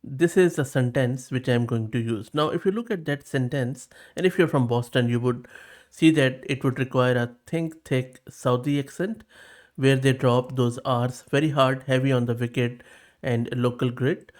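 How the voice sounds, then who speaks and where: A man hosting a tech video, walking through a demo in a relaxed, chatty way. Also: medium pitch, moderate pace. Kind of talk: casual screen walkthrough.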